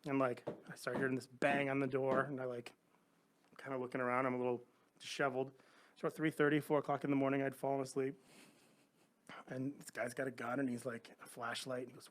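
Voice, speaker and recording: A middle-aged man on a podcast, casually telling an animated story and acting out the other people's lines. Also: medium pitch, fast talker. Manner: animated anecdotes, acts out quoted voices. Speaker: podcast guest.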